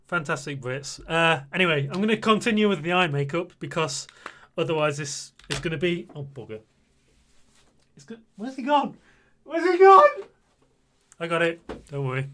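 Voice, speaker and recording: A man's voice: on the high side, a little fast, pushed and bright. A British man in his forties, chatting casually and a bit flustered while live streaming. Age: 40s. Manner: chatty and flustered, laughing often.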